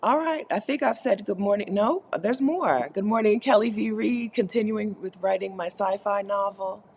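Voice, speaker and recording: A woman with a mid-range, creaky, darkish voice runs a co-working livestream in the Caribbean, with a slight hiss or hum in the audio. At a moderate pace she reads out chat messages, chats playfully, laughs a lot and fakes little complaints.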